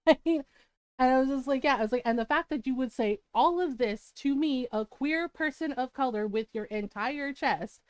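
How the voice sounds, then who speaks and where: A woman's voice: high voice, normal speed, smooth, dry recording. A young adult woman streamer telling a story in a casual, blunt way, swearing freely and laughing between lines.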